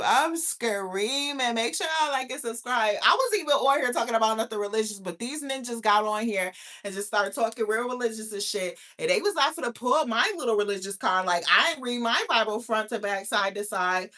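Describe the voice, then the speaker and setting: A woman hosting a casual livestream, animated and profane, preaching and answering chat comments. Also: fairly high pitch. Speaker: livestream host.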